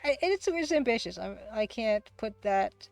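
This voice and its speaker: A woman hosting a casual livestream, who talks fast, rambles through chat replies, laughs often and pokes fun at herself. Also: on the high side, lively intonation, gravelly, dry recording, faint music behind. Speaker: livestream host and game artist.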